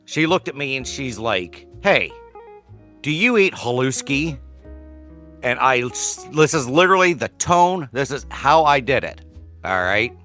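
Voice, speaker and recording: Pa guy in his 30s on a podcast, bright sharp tone, acts out quotes loud, faint music under it. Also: medium pitch, a little slow. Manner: animated storyteller, acts out quotes loudly. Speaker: podcast co-host. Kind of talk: casual chat.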